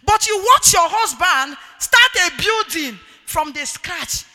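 Speaking slowly but animatedly, a middle-aged Nigerian woman delivers a sermon to a gathering of women in a very high, intensely bright voice. She shouts emphatic points and drifts into sing-song cadences, with the long reverb of a large hall around her.

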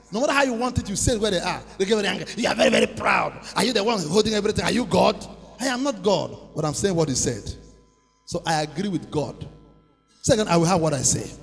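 A man preaching in a church, his high, lively voice leaping into shouts and sing-song phrases. The tone is gravelly and husky, and it rings through a long hall echo with faint music behind. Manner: preaching with sudden shouts and sing-song rises, leading call-and-response. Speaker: pastor. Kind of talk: sermon.

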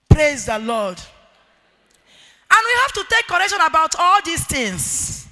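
A middle-aged Nigerian woman preaches to a women's gathering, her voice very high and intensely bright. She shouts emphatic points and slides into sing-song cadences. The sound rings with the long reverb of a large hall. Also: very animated, a little slow, long pauses. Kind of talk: sermon to women.

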